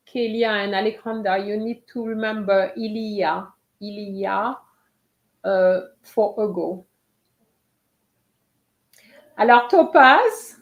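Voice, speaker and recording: A woman teaching a live online French writing lesson, slowly reading out students' answers and encouraging them. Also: mid-range voice, muffled recording.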